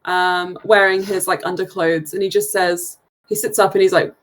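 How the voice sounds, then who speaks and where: A woman's voice: fairly low pitch, level tone, normal speed, rough recording. A woman narrating a tabletop game as game master, wry and contrary, often breaking into laughter.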